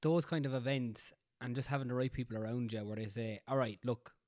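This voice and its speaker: Male podcast co-host, mid pitch, loose conversational delivery, dry recording. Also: steady tone, fast, a little mellow, no echo. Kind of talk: casual chat.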